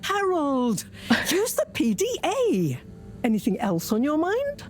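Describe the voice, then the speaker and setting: An actress playing an exasperated older woman professor in a game, brisk and a bit fussy. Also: mid-range voice, sing-song, darkish tone, soft background music, natural voice. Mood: brusque.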